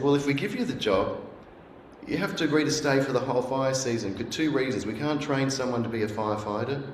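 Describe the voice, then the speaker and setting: A man's voice: medium pitch, slight background noise. Man telling a roomy sermon story. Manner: earnest storytelling, acts out remembered voices. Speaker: guest speaker. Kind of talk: sermon told as personal story. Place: church hall. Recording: roomy echo.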